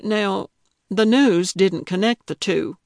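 A woman's voice: medium pitch, slow, darkish tone, no room sound, studio quality. A woman reading an audiobook, voicing a feisty, indignant elderly woman who fancies herself a detective. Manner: indignant, emphatic.

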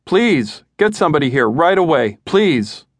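A man's voice: a little high, sing-song, measured pace, no echo, voice pushed up. A man voicing a panicked middle-aged man who pleads for help, breathless and quaking. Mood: frantic.

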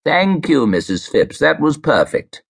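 A male narrator voicing a kind, patient judge who speaks gently and encouragingly. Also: fairly high pitch, very animated, measured pace, creaky, breathy edge, voice pushed up, exaggerated voice. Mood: coaxing.

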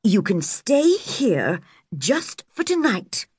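A woman reading an audiobook, voicing a stern, practical older woman who speaks briskly and firmly. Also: fairly high pitch, very animated, a little mellow, husky, no echo, studio quality, voice pushed up, exaggerated voice. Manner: brisk and firm.

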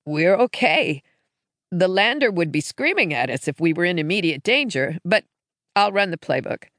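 A woman's voice: on the low side, animated, normal speed, a bit bright, no room sound, clean studio sound. A woman voicing a grieving man in shock, an exhausted brother who speaks in a shaky, subdued way in an audiobook. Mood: shaken. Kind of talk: audiobook character voice.

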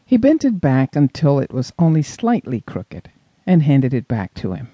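A man narrating a suspense audiobook in an expressive storytelling manner. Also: medium pitch, normal speed, slightly rough, dry recording, highs cut off. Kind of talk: scripted narration.

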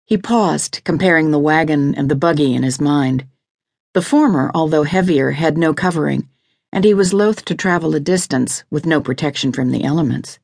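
A woman reading a historical mystery audiobook in a steady, even narration at a close studio mic. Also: low-pitched, moderate pace, gravelly, dry recording. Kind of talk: scripted narration.

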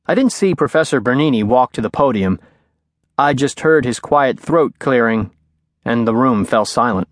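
Man, audiobook narrator, measured storytelling, mid-pitched voice, dry studio sound. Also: lively intonation, no room sound. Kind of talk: scripted narration. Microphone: studio microphone.

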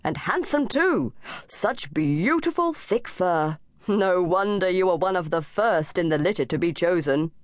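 A woman voicing a kindly, jolly older male gardener who speaks low and slow, with a fond chuckle. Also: lively intonation, dry recording.

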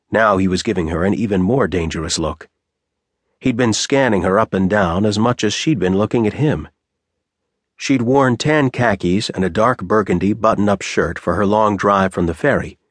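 Husky low-voiced male narrator. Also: no echo, studio quality. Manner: steady, measured reading. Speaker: audiobook narrator. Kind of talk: scripted narration.

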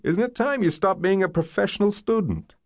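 A man voicing a cynical, playful American art dealer of thirty-nine, with a low, gravelly voice and a breezy, teasing way of talking. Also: a little slow, dry recording, studio quality. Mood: incredulous.

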